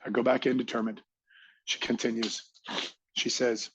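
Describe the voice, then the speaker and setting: A man's voice: medium pitch, flat delivery, moderate pace, long pauses, slightly rough, no echo, dull audio. A middle-aged man, a podcast guest, tells a motivational story with emphatic energy and acts out other people's lines.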